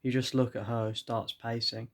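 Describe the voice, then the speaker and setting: A man's voice: mid-range voice, little pitch movement, normal speed. A man reading an AI-written second-person story aloud, often stopping to comment and laugh at it. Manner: breaks into laughter, comments between lines.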